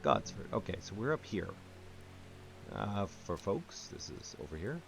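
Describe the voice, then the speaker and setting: Deep, gravelly man musing through a game. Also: very animated, measured pace, music in the background. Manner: musing, thinks aloud with restarts. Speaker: game reviewer. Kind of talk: let's-play commentary.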